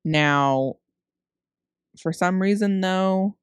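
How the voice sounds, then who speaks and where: A woman's voice: medium pitch, drawn-out words, clean tone, dry recording, studio quality. A woman narrating her cookie decorating tutorial as a casual, rambling voice-over, tired from recording late at night and laughing at her own slips. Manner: chatty, rambling, self-correcting, laughs at herself. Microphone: close microphone.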